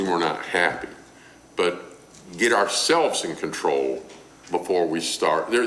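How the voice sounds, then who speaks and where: A male preacher delivers a conversational sermon and uses everyday illustrations to teach. His voice is deep, yet it moves about with a lively, animated pitch. A faint hiss lies under the recording. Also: echoey room. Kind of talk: sermon on parenting.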